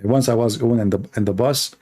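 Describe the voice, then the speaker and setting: A man's voice: mid-range voice, a little fast, mellow, husky. A man whose first language is Arabic, with an Arabic accent, hosting his show and mocking a clip in sarcastic, playful commentary. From Middle East. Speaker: show host reacting to a clip.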